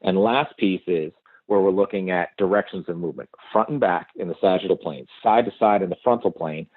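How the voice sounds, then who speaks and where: Low-voiced man explaining training methodically. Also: no echo, narrow, tinny audio. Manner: methodical, lists points step by step. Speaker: segment host, movement coach. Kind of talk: instructional podcast segment.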